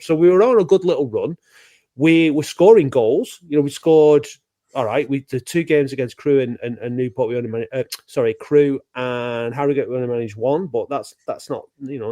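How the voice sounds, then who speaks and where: A man's voice: medium pitch, a little mellow, dry recording, studio quality. A man hosting a podcast, chatting and joking with his guests. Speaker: podcast host. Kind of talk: casual chat.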